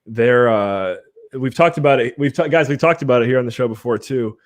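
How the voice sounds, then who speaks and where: A podcast host from Ohio, USA, runs giveaways on a livestream, chatting casually, rambling a little and laughing often. His voice is medium-pitched and brisk.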